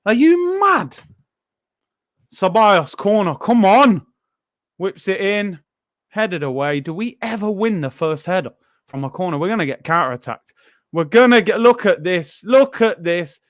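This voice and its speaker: Young man, high-pitched, football watchalong host, animated, frustrated, shouting outbursts. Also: normal speed. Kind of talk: live match reaction.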